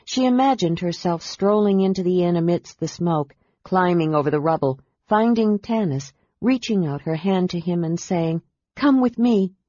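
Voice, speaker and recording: A woman reading a fantasy novel aloud as audiobook narrator, with a measured, steady delivery. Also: lowish voice, dry recording. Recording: dull dry audiobook recording.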